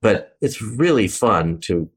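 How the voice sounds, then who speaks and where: Low-pitched man, architect panelist, measured and hesitant. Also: animated, breathy edge. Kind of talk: panel discussion.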